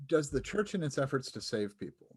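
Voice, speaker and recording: A man hosting a podcast discussion over a video call. His voice has an ordinary middle pitch. He speaks with wry humor and often breaks off mid-sentence to correct himself. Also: big pitch swings, fairly quick, slightly rough. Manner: wry, self-interrupting.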